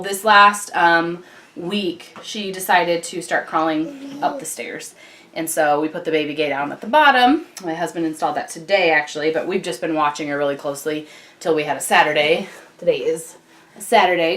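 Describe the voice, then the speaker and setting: A young mother chats to a camcorder at home, rambling along with plenty of ums and likes. Her voice sits a little low for a woman, and she keeps it casual and conversational throughout. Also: fairly bright tone. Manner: chatty, many ums and likes, breaks off to talk to baby. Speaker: vlogger, mother. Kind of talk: casual chat to camera. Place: home, indoors. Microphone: camcorder on a tripod.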